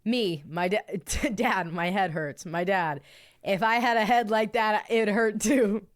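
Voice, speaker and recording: Podcast co-host: young woman with a smooth, clear voice, blunt and profane, quick to laugh, casual chat. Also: medium pitch. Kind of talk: casual chat, reading listener submissions.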